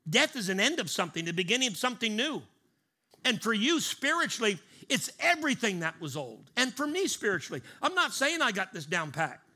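A male pastor preaches emphatically, slowing to stress key words and having the congregation repeat lines back. His voice is high-pitched, pushed and bright, with big swings in pitch.

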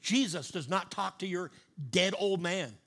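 A male pastor's high voice comes across pushed and bright as he preaches with emphasis. He draws out key words and has the congregation repeat after him.

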